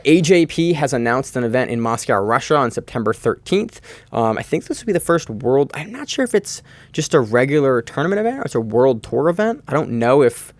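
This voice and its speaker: Fast-talking, chatty male podcast host. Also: medium pitch, dry recording. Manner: fast, loose and chatty, with casual swearing. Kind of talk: casual podcast chat.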